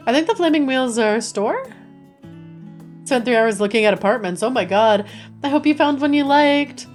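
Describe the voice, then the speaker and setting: A bubbly, playful woman streamer talks casually with her viewers as she plays. Her voice sits fairly high, and faint music runs underneath. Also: lively intonation, moderate pace. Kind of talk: casual gameplay chat.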